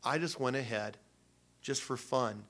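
A man's voice: medium pitch, measured pace, a bit bright. A man preaching before communion, telling a personal story in a loose, emotional way with many restarts. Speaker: pastor.

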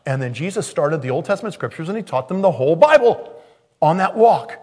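A man preaching a sermon, telling stories in an animated way and acting out the voices in them. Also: a little high, brisk. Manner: animated storytelling, acts out quoted voices.

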